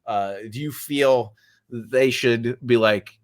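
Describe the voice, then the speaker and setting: A man's voice: medium pitch, slow, dry recording, clean studio sound. A man with a Brooklyn accent hosting an interview, joking, making puns and rambling with many fillers. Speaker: podcast host. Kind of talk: casual interview chat.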